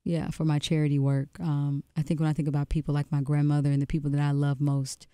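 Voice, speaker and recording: Mellow, smooth-voiced woman musician guest. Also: deep voice, level tone, fast talker, dry recording, clean studio sound. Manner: reflective, restarts phrases often. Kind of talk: radio interview, storytelling. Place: radio studio.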